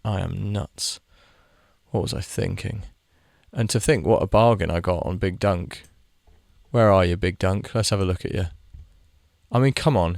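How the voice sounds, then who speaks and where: A man's voice: sits low, gravelly, dry recording, studio quality. A young man giving rambling, casual commentary while playing a game, swearing freely and chatting to the players on screen. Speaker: gaming video creator.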